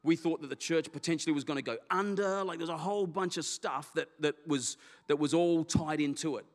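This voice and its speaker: A middle-aged man, a pastor, telling a candid personal story in a sermon with an animated, self-deprecating manner. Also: a little high, fairly quick. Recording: long hall reverb.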